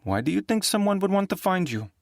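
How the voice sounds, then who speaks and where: A man voicing an angry, foul-mouthed female prosecutor with a rasping voice on a phone call in an audiobook. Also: sits high, big pitch swings, fast talker, dry recording, clean studio sound, voice pushed up, full character voice. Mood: curt. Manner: swearing, scornful, raucous. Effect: heard over a phone line. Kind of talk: audiobook character voice.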